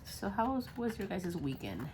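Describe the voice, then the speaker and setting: A woman's voice: mid-range voice, big pitch swings, normal speed, darkish tone, a little hiss or hum. A woman chatting casually while crafting a journal, rambling with lots of ums, her voice worn and congested from being sick. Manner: rambling, full of ums, muttering while working.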